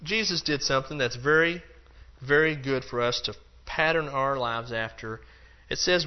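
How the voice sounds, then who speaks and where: A man's voice: mid-range voice, moderate pace, hardly any pauses, clear, resonant tone, lo-fi sound. A man teaching a Bible lesson in a loose, conversational way, acting out the quotes and dropping in plenty of fillers. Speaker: preacher.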